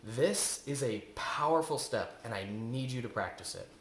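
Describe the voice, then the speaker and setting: A man's voice: mid-range voice, expressive, moderate pace, slight background noise. Earnest man teaching in an echoey room. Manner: earnest and repetitive, asks rhetorical questions. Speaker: eating coach. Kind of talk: spoken self-help lesson.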